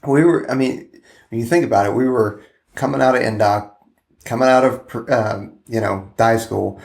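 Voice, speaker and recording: A man's voice: mid-range voice, normal speed, gravelly. A man in his forties in a casual podcast chat, looking back on his past in a reflective, self-deprecating way. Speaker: podcast co-host. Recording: steady background noise.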